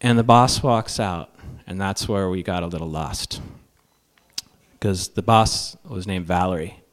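Before a live audience, a man spins a comic story, mocking himself and performing every character's voice with animation. His voice is low and his pace unhurried.

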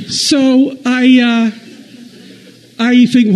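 A man with a notably high voice tells a rambling stand-up story about his household. He mocks himself and keeps stumbling and restarting his sentences. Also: fairly even intonation, darkish tone, slight background noise, rough recording. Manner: rambling, self-deprecating, halting restarts. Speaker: comedian.

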